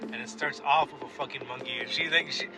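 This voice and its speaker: A man's voice: mid-range voice, steady tone, quick pace. Laid-back, swearing podcast man over music. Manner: laid-back, swears casually, trails off mid-sentence. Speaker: podcast co-host. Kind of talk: casual chat.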